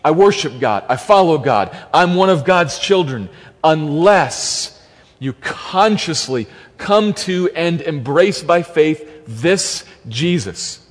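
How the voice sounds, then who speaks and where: A man's voice: on the high side, expressive, slow pace. A man preaching an expository sermon as pastor, emphatic and repeating key phrases for stress. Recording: long reverb of a large hall.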